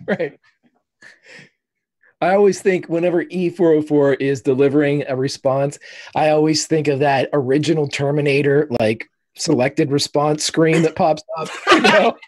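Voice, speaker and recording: A man at a tabletop game chats with the group, excitable and profane. He laughs often and jumps into his ideas with energy. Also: fairly high pitch, a little slow, dry recording, studio quality. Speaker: player. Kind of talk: casual chat at a gaming table.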